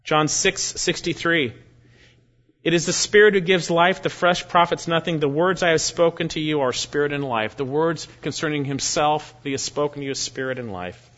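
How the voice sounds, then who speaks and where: A man preaching an expository sermon, reading verses aloud with slow, deliberate emphasis. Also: a little high, a bit bright. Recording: dull lo-fi recording.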